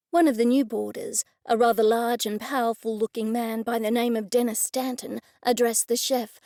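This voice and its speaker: Woman narrating with a gravelly edge. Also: fairly high pitch, normal speed, few pauses, darkish tone, dry recording, clean studio sound. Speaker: audiobook narrator. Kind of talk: first-person cozy mystery narration.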